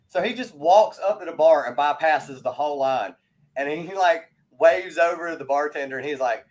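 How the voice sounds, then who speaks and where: A man hosting a casual chat, telling stories in an animated way with frequent laughs. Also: on the high side, moderate pace. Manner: animated storytelling, laughs often. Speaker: host.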